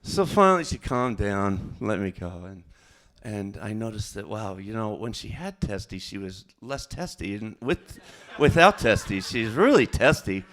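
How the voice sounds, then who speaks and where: A man doing a stand-up comedy set, rambling and halting, with fillers and self-corrections. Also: fairly low pitch, expressive, fairly bright tone.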